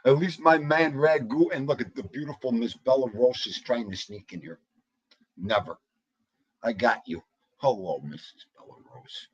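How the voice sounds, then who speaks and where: A man hosting a casual livestream, chatting loosely and greeting viewers by name with an animated, jokey manner. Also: mid-range voice, normal speed, slightly rough, highs cut off. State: out of breath. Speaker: livestream host.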